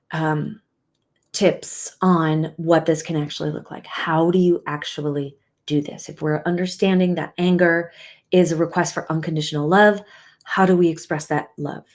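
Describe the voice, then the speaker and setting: A middle-aged woman relationship coach giving a motivational talk, earnest and soft-spoken, dropping to whispers and rising to emphatic outbursts. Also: low voice, fairly even intonation, moderate pace.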